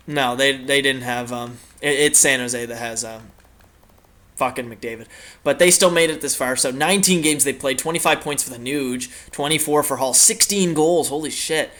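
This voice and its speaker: Young guy hosting a hockey game series, chatty, lots of fillers, cusses when excited. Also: mid-range voice. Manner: rambling, many fillers, swears when excited. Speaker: gaming channel host. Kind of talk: casual gameplay commentary.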